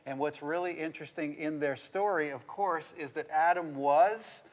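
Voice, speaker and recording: A middle-aged man, a pastor, teaching a marriage devotional in a playful, animated way and laughing as he goes. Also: fairly high pitch, moderate pace. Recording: long reverb.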